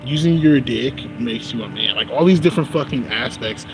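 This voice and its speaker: A man's voice: mid-range voice, moderate pace, creaky, over music. A man in a casual unscripted vlog monologue who rambles and swears heavily, often asking "you know what I'm saying?", while walking outdoors. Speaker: vlogger. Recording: street and traffic noise.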